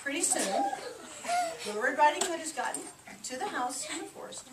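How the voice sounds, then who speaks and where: A woman's voice: high voice, lively intonation, fairly quick. A woman narrating a fairy tale and coaxing children to act out and repeat the lines. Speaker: storyteller leading children in a play. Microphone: camcorder mic from a distance. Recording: echoey room, camera far off, noisy.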